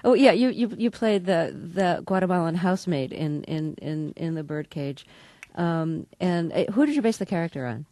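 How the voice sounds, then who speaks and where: A woman interviewer with a lowish, mellow voice asks curious follow-up questions. Her sound is close and dry. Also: animated, moderate pace, dry recording.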